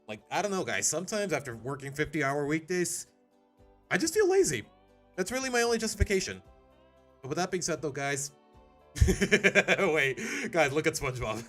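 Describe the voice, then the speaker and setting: A man's voice: a little high, fairly bright tone. A young man casually commenting while playing a game on a live stream, chatty and self-mocking.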